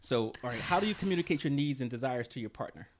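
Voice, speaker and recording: A man's voice: medium pitch, expressive, quick pace, a little hiss or hum. A man hosting a podcast, chatting casually in a laid-back, teasing way and laughing easily. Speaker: podcast host.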